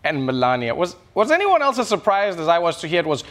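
A man's voice: a little high, wildly swooping pitch, fast talker, fairly bright tone. A male host delivering a sarcastic, mocking comedy monologue with big swings in his voice. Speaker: late-night comedy host. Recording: noisy recording.

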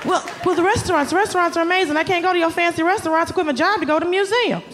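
A woman from Atlanta doing a stand-up comedy set, ranting in an animated, exasperated way with sudden outbursts. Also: very high voice, fast talker, noisy background. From Atlanta, US South. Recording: live club with loud audience laughter.

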